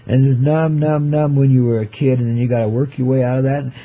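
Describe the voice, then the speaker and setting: Older guy hosting his show, husky and super mellow, hip slang, calls everyone babies, easy chuckles. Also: mid-range voice, fairly even intonation, fairly quick. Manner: easygoing, chuckling between lines. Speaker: show host. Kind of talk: laid-back rhyming radio monologue.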